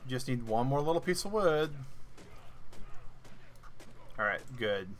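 A man's voice: mid-range voice, big pitch swings, slow pace, a little hiss or hum. A man hosting a gaming channel, joking and talking to himself as he plays, counting and planning aloud. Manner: jokey self-talk, thinks and counts aloud. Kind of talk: casual gameplay commentary.

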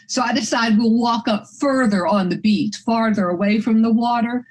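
A woman's voice: fairly high pitch, normal speed, hardly any pauses, a little mellow, poor audio. Older woman telling a dramatic story. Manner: vivid, dramatic telling with acted dialogue. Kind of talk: personal storytelling.

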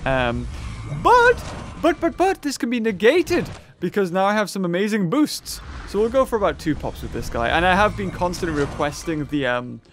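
A young man chatting casually through a mobile dinosaur game, excitable and rambling with lots of fillers. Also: sits high, a little fast, hardly any pauses, a little hiss or hum. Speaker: gaming YouTuber.

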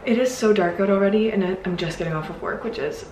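Talking quickly in a mid-range, darkish voice, a young woman vlogs her day at home in her apartment. She rambles and trails off into small asides, captured in a roomy home recording with slight background noise.

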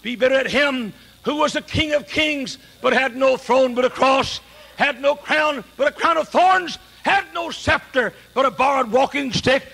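High-pitched, bright-voiced shouting preacher. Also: male voice, vocal fry. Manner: impassioned, rhetorical, often shouting. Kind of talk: sermon.

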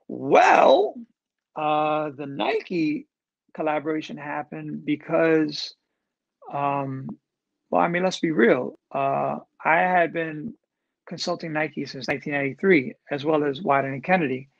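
A man's voice: fairly high pitch, lively intonation, a little slow, vocal fry, no room sound, dull audio. A man in his fifties hosting a casual live-streamed Q&A, answering questions in a loose, chatty way with lots of fillers. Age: 50s. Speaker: host answering audience questions.

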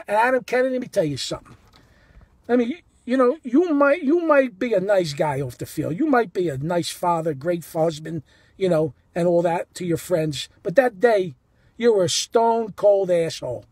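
A man telling a heated story about a ballgame as a fan, animated and indignant, cursing and repeating himself. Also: high-pitched, normal speed, husky, no echo. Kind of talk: heated first-person storytelling.

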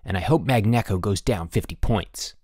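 A man's voice: lowish voice, normal speed, darkish tone, husky, dry recording, studio quality. A man voicing a cheeky, wisecracking schoolboy with a mocking way of talking. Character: wisecracking, wicked-grinning schoolboy.

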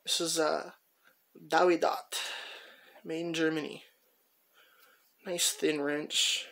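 A man with a slightly high, gravelly voice talks through his collection at an easy pace. He rambles casually and pauses often as he picks up each piece. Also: little pitch movement, pushed and bright. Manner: rambling, chatty, many "uh" pauses while handling tools. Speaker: tool collector showing his finds. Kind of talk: casual show-and-tell narration.

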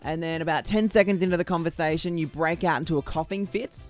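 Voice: medium pitch, steady tone, quick pace, faint music behind. An Australian radio co-host in teasing, bossy comedic banter with a friend.

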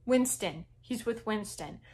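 A woman's voice: mid-range voice, measured pace, slightly rough. A young woman casually reviewing a book, chatty and opinionated, with plenty of fillers. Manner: expressive, opinionated.

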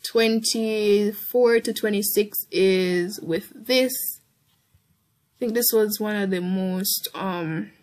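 A young woman tutors through an exam paper in a casual past-paper walkthrough, thinking aloud with frequent ums and self-corrections. Her voice is medium-pitched and a little mellow, and she speaks at a slow pace.

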